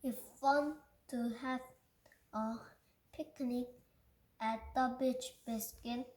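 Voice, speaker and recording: A Korean-native woman reads a children's picture book aloud, carefully and haltingly, restarting words as she goes. Her voice sits a little high and she reads very slowly. The room around her is echoey. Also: fairly even intonation, a little mellow. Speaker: reader.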